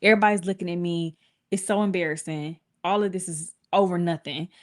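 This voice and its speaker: A young woman vlogging a casual storytime, talking animatedly and jumping up in pitch when she acts out what people said. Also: a little fast. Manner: animated, acts out quotes with big pitch jumps.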